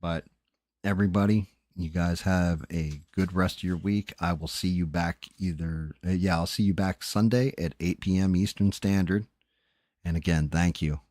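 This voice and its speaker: A man winds down his livestream late at night, his voice low and heavy. He rambles loosely and swears freely. The sound is dry and close, with no room in it. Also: fairly even intonation, normal speed, darkish tone, no echo. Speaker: livestream host.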